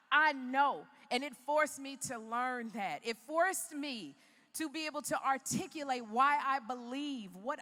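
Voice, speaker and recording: A woman's voice: sits high, bright, forceful tone, long reverb tail. A woman from Chicago giving a motivational keynote speech in a large arena, telling her story in an emphatic, preacher-like way. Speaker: keynote speaker.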